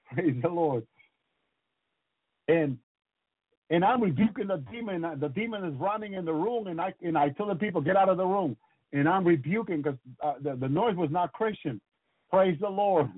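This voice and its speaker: Fervent high-voiced man preaching, tinny sound. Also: slightly rough, no room sound. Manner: fervent, often breaks in with praise exclamations; repeats words and restarts phrases. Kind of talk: testimony sermon. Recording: tinny phone-like broadcast sound.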